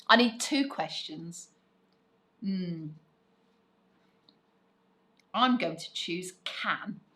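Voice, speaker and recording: Woman, teacher, slow delivery, thinks aloud, playful, encouraging. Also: lowish voice, lively intonation, fairly bright tone. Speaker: primary writing teacher. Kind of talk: live online writing lesson, modelling aloud.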